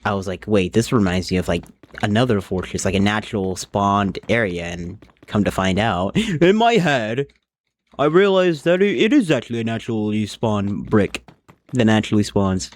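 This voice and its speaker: A young man with a fairly low voice, talking through a live game stream in a casual, rambling way. He thinks aloud as he builds. Keyboard typing can be heard in the background. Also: moderate pace. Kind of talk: casual live-stream chat while gaming.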